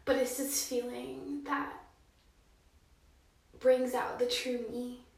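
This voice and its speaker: A young woman giving a rambling, heartfelt confessional monologue from a dark bathroom, sometimes dropping to a hushed whisper. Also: sits high, little pitch movement, slow pace, gravelly. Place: dark bathroom, sitting in a bathtub. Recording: very echoey bathroom, mic at a distance.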